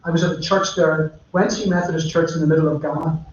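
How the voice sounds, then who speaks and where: A man preaching, his voice sitting a bit high for a man. He tells stories in a chatty, direct way. The sound is very echoey and muffled, like a church livestream. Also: fairly even intonation, fast, a little hiss or hum. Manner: chatty storytelling, addressing listeners directly. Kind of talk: sermon.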